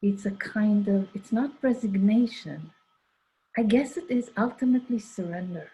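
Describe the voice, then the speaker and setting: A woman's voice: mid-range voice, normal speed, dark tone. An older woman telling a personal story in a rambling, conversational way, full of asides and quoted dialogue. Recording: dull lo-fi recording.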